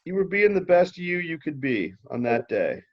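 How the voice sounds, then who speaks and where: A man's voice: a little high, sing-song, normal speed, lo-fi sound. A man co-hosting a casual chat show, teasing and ribbing his friend. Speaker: co-host.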